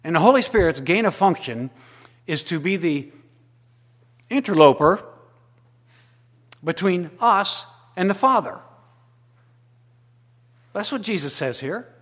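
A man preaching a sermon as pastor, swinging between loud emphatic declarations and quiet, intimate asides. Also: high-pitched, lively intonation, slow, long pauses, husky. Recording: long hall reverb.

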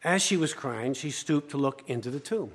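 Guy preaching a sermon, gets loud then drops real quiet, big echoey church sound. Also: medium pitch, lively intonation, normal speed, slightly rough. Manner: preaching with swings from loud urgency to quiet hush. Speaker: pastor. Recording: long hall reverb.

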